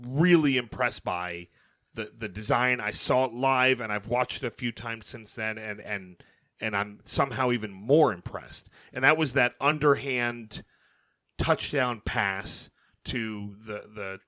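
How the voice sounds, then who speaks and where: A young man co-hosting a sports podcast, animated and talking over his co-host as he recaps games. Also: medium pitch, a little slow, no echo. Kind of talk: casual sports chat.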